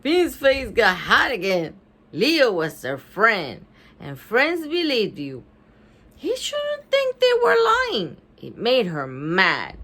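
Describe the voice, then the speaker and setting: A woman reading a children's chapter book aloud, expressive and prone to giggly asides. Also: on the high side, slow pace. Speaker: storybook reader.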